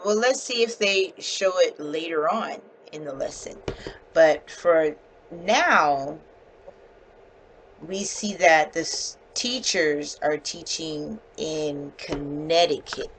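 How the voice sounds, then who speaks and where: A woman with a standard North American accent teaching a one-on-one English lesson over a video call. She explains slowly and clearly, with patience. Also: deep voice, fairly bright tone, slight background noise, low-quality recording. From United States.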